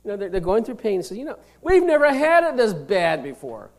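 A man preaching a sermon, reading scripture slowly and explaining it plainly, swinging between loud emphasis and hushed, near-whispered lines. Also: high voice, huge pitch swings. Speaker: pastor.

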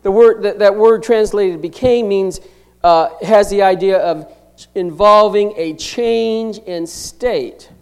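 A middle-aged male pastor with a notably high-pitched voice delivers a sermon. He presses each point hard, rising loud on key words and dropping to a hush to let them land. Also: slow, clear, resonant tone. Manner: emphatic preaching with sharp swings from loud to hushed.

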